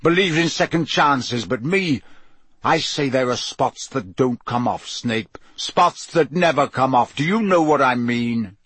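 Man doing a growly old scarred wizard, loud and barking, raised pitch, husky edge, dry close sound. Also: animated, measured pace, no room sound. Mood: menacing.

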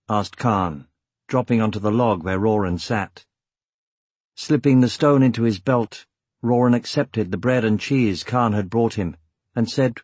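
A man reading an audiobook as narrator, measured and steady, with a husky voice. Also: lowish voice, no echo. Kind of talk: scripted narration.

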